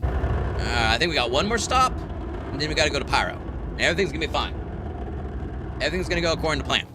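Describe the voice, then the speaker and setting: A man's voice: fairly high pitch, very animated, fast talker, noisy background. An American man streaming a space game, chatting casually and joking with heavy swearing. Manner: profane, joking banter. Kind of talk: casual gameplay chat.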